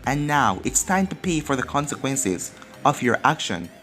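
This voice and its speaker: A man's voice: mid-range voice, sing-song, normal speed, bright, forceful tone. A man voicing a brash, loyal young male ninja leader who talks in an earnest, commanding way, over faint music. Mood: stern.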